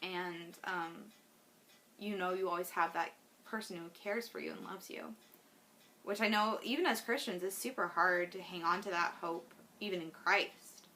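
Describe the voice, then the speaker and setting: A woman's voice: lowish voice, animated, moderate pace, pushed and bright, a little hiss or hum. A woman talking in a personal video diary, earnest and heartfelt, rambling with lots of fillers. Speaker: vlogger.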